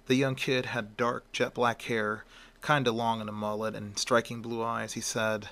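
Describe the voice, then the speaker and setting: A man's voice: medium pitch, little pitch movement, moderate pace, vocal fry, a bit bright. A man telling an improvised fan story, rambling with lots of fillers and restarts.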